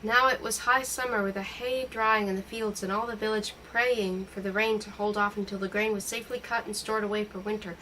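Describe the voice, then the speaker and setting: A woman reading a novel aloud in a steady, expressive storytelling voice. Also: mid-range voice, a little fast, few pauses, far from the mic, slight background noise, rough recording. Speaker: audiobook reader.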